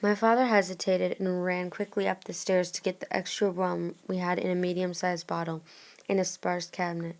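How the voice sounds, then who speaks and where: A woman's voice: lowish voice, little pitch movement, normal speed, darkish tone. A woman casually retelling a story in first person, in a plain reading manner.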